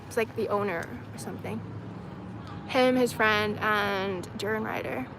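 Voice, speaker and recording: A woman's voice: medium pitch, measured pace. A young woman from China chatting casually to a livestream, rambling and filling her talk with "like". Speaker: streamer answering chat questions. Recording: outdoor street and traffic noise.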